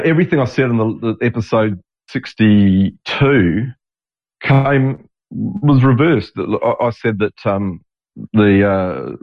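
A man in his sixties hosting his own show in a rambling, digressive monologue, restarting sentences and swearing now and then. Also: on the low side. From Australia. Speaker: podcast host. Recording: dull lo-fi audio.

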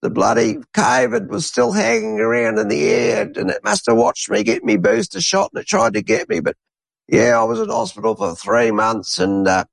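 A man's voice: high voice, animated, normal speed, gravelly, no echo, voice pushed up, exaggerated voice. A man voicing a gullible Australian man in his eighties with a broad accent, chatty and drawling and casually swearing. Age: 80s. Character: gullible elderly Aussie bloke in his eighties.

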